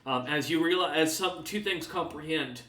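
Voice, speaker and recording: A man's voice: a little high, moderate pace, sharp tone. A man narrating as the game master of a tabletop game, descriptive and full of fillers. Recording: echoey room, distant mic.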